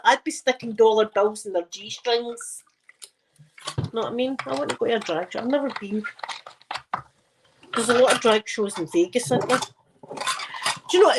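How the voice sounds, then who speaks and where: A slightly high-voiced Scottish woman hosts a live chat from her living room, chatting casually with viewers, telling stories, and laughing frequently. There's a faint hiss or hum in the recording.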